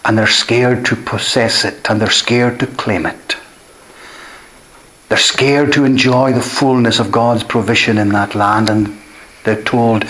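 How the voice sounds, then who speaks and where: A man's voice: medium pitch, steady tone, a little slow, fairly bright tone. A man preaching a sermon, earnest and emphatic, often repeating key phrases for weight. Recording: echoey room.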